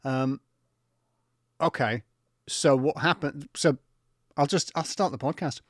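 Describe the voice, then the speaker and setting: A man co-hosting a podcast, trading wry, quick-witted asides in casual comic banter. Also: on the high side, dry recording, studio quality. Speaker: podcast co-host.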